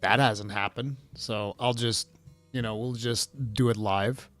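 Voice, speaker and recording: A man's voice: medium pitch, a little slow, faint music behind. A man hosting a casual live stream, rambling through gaming news and reading chat aloud. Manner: rambling, reads chat aloud, bursts of laughing excitement.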